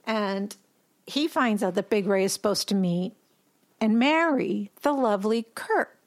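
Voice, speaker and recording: A woman in casual chat, retelling a film's plot in an animated way and acting out the characters' lines as she goes. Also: mid-range voice, measured pace.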